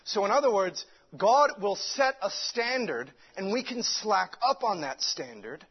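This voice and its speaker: A man's voice: high-pitched, lively intonation, a little slow, slightly rough. A man preaching a sermon with fervent delivery, stumbling over restarts and many fillers. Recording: dull lo-fi recording.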